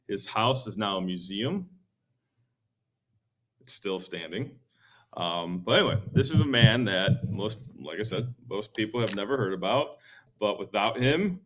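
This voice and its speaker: A man's voice: on the low side, a bit bright. Rambling man, podcast co-host. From Georgia, USA. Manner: loose, rambling, with many ums and uhs. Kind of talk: casual history chat.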